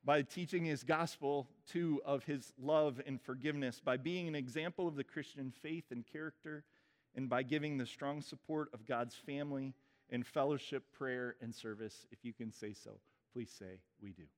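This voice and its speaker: A man's voice: mid-range voice, normal speed. Man leading a baptism liturgy. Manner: warm, informal asides between formal liturgy. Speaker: pastor. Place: church sanctuary. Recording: reverberant church hall.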